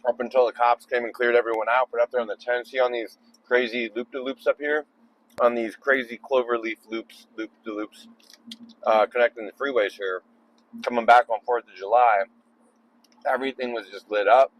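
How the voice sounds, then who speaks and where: A man's voice: medium pitch, fairly even intonation, moderate pace, highs cut off. A man making a casual video while driving on the freeway at night, rambling with joking asides. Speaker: vlogger.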